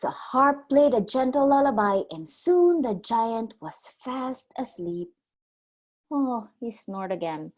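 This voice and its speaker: Slow, expressive preschool storyteller woman. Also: fairly high pitch. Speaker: preschool teacher. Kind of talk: storybook read-aloud.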